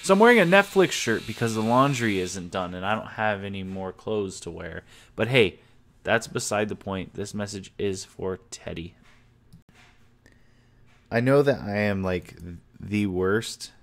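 A man's voice: fairly low pitch, expressive, normal speed, fairly bright tone. A young man recording a casual personal video message at home, talking in a loose, sincere, rambling way. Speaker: vlogger. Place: home office room.

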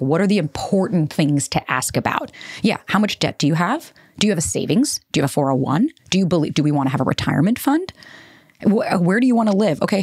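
A woman's voice: lowish voice, darkish tone, no room sound, clean studio sound. A woman, hosting a solo podcast and talking candidly, with frequent swearing and rambling asides. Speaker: podcast host.

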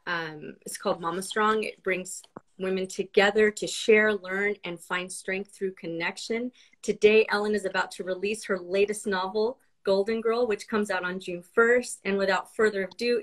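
A woman hosts a session over a video call and introduces her guest. Her delivery is measured and gracious, and her voice sits at an ordinary pitch. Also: low-quality recording. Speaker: host.

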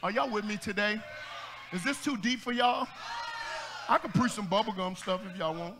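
A man preaching an energetic church sermon, calling out to the congregation and rising into shouts as he jokes and exhorts. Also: high voice, moderate pace, noisy background. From United States. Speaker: pastor.

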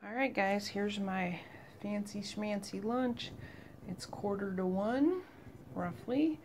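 A woman's voice: mid-range voice, slow, darkish tone. A middle-aged woman chatting casually in a home vlog, rambling with asides and fillers from her kitchen. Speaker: vlogger. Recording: home video with outdoor noise and mower.

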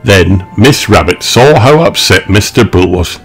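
A man reading a children's picture book aloud in a slow, expressive, sing-song manner. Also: fairly low pitch, faint music behind. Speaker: storyteller.

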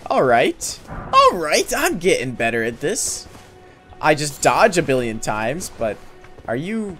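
A young man talking through a game as he plays, excitable and chatty, often yelping in surprise and talking to the characters on screen. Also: unhurried. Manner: excitable, talks to the game, jumps to high yelps. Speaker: streamer playing a game. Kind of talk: let's play commentary. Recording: game music in the background.

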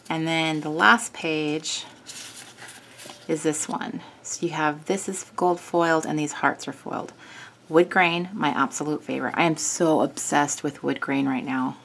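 A woman's voice: sits low, creaky, fairly bright tone. A woman hosting a craft video, chatting through a kit in a gushing way with small self-corrections. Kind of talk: casual product walkthrough.

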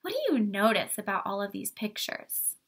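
A woman art teacher with a sing-song, mid-range voice speaks at an ordinary speed. In an upbeat online class, she talks straight to the children with questions and guides their drawing step by step.

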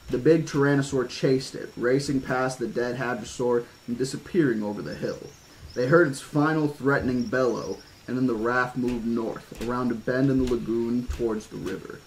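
A man with a mid-range voice reads a horror-themed novel aloud as an audiobook, occasionally breaking for casual asides and restarts. The recording is low quality with slight background noise.

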